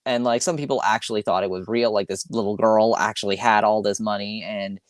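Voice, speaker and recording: A man's voice: lowish voice, steady tone, brisk, no echo, clean studio sound. A man from Long Island hosting a podcast alone, ranting casually, swearing freely, sighing and correcting himself as he goes. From Long Island, New York. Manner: rambling, swearing, self-correcting, with sighs. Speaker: podcast host. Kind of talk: casual solo podcast rant.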